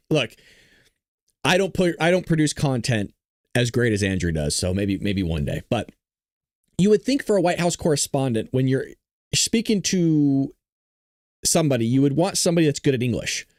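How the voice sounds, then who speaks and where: A man's voice: medium pitch, darkish tone, no echo, studio quality. A male show host giving casual live-stream commentary, rambling and joking with an exasperated edge.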